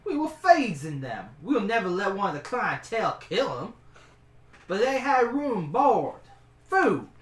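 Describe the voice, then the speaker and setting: A game master voicing a huge, brash woman jailer who talks loud and blunt. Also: medium pitch, very animated, measured pace, reverberant, voice pushed up. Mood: defiant. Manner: loud, blunt and defiant, shouting at times.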